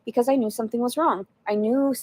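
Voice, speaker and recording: A woman's voice: a little high, steady tone, fast talker, crowd noise. A woman chatting on a livestream, answering viewers in a blunt, profane, rambling way. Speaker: livestreamer reading chat. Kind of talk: casual livestream chat.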